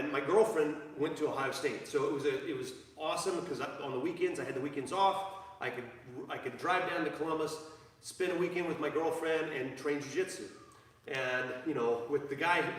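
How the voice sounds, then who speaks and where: Man, jiu-jitsu instructor, rambling with fillers, distant mic, long hall reverb. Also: fairly high pitch. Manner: rambling, many fillers and restarts. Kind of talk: live class demonstration. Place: training gym. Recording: echoey hall, from far off.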